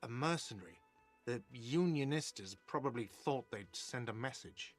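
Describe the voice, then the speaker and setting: An actor playing an irritable middle-aged cafe manager who answers questions curtly and defensively. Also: male voice, mid-range voice, animated, normal speed, dry recording, faint music behind, close to an everyday voice. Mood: annoyed, defensive. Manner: defensive, curt and exasperated.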